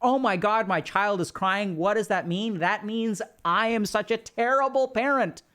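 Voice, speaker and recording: A man's voice: high voice, normal speed, bright, forceful tone, pitched above the performer's own voice. A man doing a panicked self-blaming parent. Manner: frantic, self-blaming exclamations.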